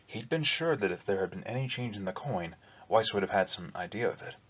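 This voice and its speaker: Deep-voiced man reading a novel aloud. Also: animated, a little fast, a bit bright, breathy edge. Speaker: narrator. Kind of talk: audiobook narration. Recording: dull lo-fi recording.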